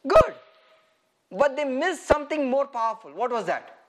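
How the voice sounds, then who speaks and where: A man preaching a sermon in an animated way, often laughing and asking his listeners rhetorical questions. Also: extremely high pitch, normal speed, very noisy.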